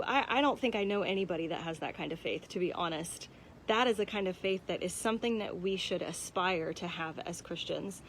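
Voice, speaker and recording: A young adult woman giving a casual church devotional, conversational and candid, with many "um"s and "like"s. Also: medium pitch. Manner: conversational, frequent "um" and "like", personal and candid. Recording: faint background noise.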